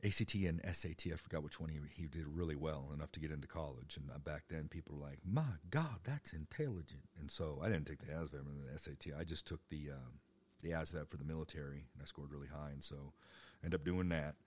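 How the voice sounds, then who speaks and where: An American man in his fifties delivers a personal storytelling monologue about his youth, rambling and joking with the occasional swear. His voice is rumbling low with little pitch movement, quick-paced and darkish in tone.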